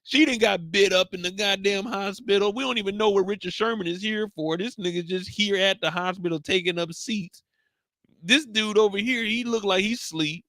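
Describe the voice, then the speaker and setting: A man with a fairly high voice riffs through a TV episode, swearing and joking as he recaps it. The sound is close and dry, with no room around it. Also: moderate pace, dry recording. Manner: animated, profane, comic storytelling. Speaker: host.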